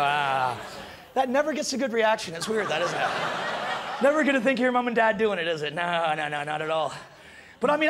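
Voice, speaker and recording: A man performing a stand-up routine on stage, telling stories loudly and bursting into shouts. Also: very high voice. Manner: loud, animated storytelling with shouted bursts. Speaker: stand-up comedian. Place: comedy stage before a live audience.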